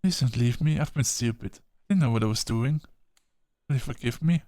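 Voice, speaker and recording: A man's voice: mid-range voice, moderate pace, mellow, no echo, lightly acted. A man voicing a remorseful woman in a story game, reading her lines in a pleading, apologetic way.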